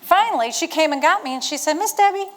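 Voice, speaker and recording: Speaking quickly to a room of veterans, a retired Marine from Virginia, in her fifties, tells of her life with the drive of a motivational talk. Her voice is a bit high for a woman, she animatedly performs the dialogue she quotes, and the rough recording has a little hiss or hum.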